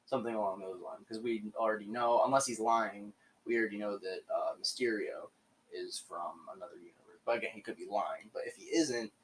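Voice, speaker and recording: A man's voice: fairly low pitch, fairly even intonation, a little fast, distant mic, slight background noise, low-quality recording. A young man hosting his own video, talking casually into a home mic and rambling with lots of fillers and restarts. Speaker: video host. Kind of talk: casual solo commentary. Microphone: home microphone.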